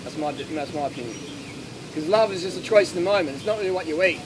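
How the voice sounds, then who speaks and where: Blunt, fairly high-voiced man outdoors. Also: quick pace. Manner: blunt, animated storytelling. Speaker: speaker answering audience questions. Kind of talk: casual Q&A talk with anecdotes. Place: outdoor festival gathering. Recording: noisy outdoor ambience with traffic.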